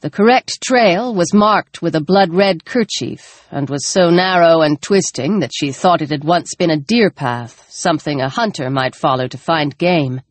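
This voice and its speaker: A woman narrating an audiobook, expressive, her voice rising in the tense action scenes. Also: low voice, a little slow, hardly any pauses. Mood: calm. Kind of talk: scripted narration.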